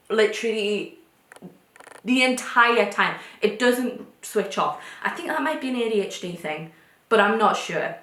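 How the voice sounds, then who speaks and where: A young woman from North East England with a posh English accent, talking candidly to camera in quick bursts with restarts. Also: mid-range voice, a bit bright. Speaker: vlogger. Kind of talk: casual talk to camera. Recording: echoey room.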